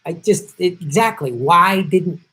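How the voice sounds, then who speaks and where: A man's voice: high voice, animated, unhurried, sharp tone. Brief: middle-aged male host, heated profane rant, hammering his points over and over. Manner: angry, profane, emphatic and repetitive. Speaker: host of a political commentary show. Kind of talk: ranting political commentary.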